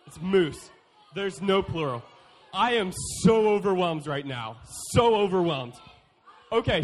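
High-voiced playful young man speaker. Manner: playful, joking, acts out quotes. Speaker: youth speaker. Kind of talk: youth sermon talk.

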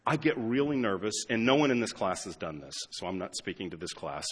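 A middle-aged American man preaching a sermon as pastor, moving from quiet asides to loud emphatic lines. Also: on the low side, very animated, fairly quick, slightly rough, big-room sound. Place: church sanctuary.

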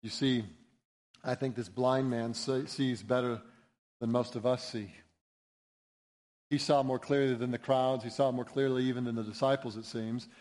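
A man's voice: mid-range voice, a little mellow. A man preaching a sermon in an earnest, emphatic way, building to rising appeals. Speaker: pastor.

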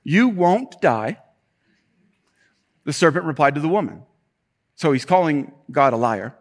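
A man delivering a church sermon, animated and emphatic, repeating key points and slipping into casual, joking asides. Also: on the high side, measured pace. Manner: animated preaching with emphatic repetition and rising intensity; conversational asides and self-deprecating humor. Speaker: pastor.

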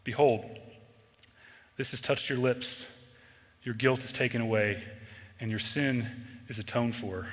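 A man preaching a sermon in an earnest way, shifting between loud emphasis and quiet intensity. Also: mid-range voice, unhurried, pauses often, in a large hall. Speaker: pastor.

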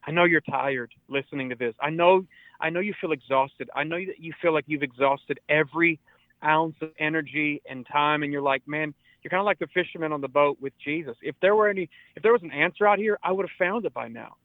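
A man's voice: fairly high pitch, brisk, no room sound. A man in his forties talks like a preacher, earnest and urging, and doubles back on words to press a point. His voice comes through a narrow, tinny phone line with no room sound around it. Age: 40s. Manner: earnest, exhortative, repeats words when stressing. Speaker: pastor. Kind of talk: radio interview, preaching tone.

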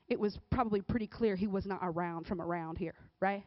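A woman giving a casual, conversational sermon, often checking in with the crowd with a quick "right?". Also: medium pitch, no room sound. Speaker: speaker at a church or youth service. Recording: dull, dry recording.

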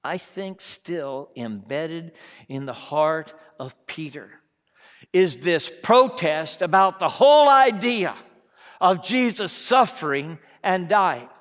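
A man delivers a sermon in a high voice, taking his time over each phrase. He swings from quiet, drawn-out lines to loud, forceful ones. The sound carries a long reverb, as if he is speaking in a large hall. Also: lively intonation. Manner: dramatic, swings from hushed to loud. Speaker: preacher.

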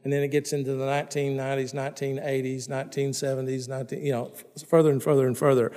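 A man's voice: mid-range voice, fast. A middle-aged man preaching a sermon as pastor, in a conversational way, repeating and restarting words and asking his listeners questions. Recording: long reverb in a large hall.

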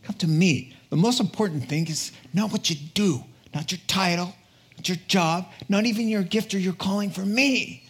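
A man's voice: high voice, moderate pace, breathy edge. A man preaching a sermon with energy, exhorting and repeating words for punch, with joking asides. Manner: jokey asides, laughs at himself.

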